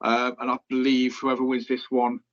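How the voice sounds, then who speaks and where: A man co-hosting a casual podcast chat, rambling along with lots of "um" and "uh". His pitch sits in a medium range. The recording sounds slightly dull and lo-fi. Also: monotone, normal speed, a bit bright. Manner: rambling, filler-heavy, chatty. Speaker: podcast co-host.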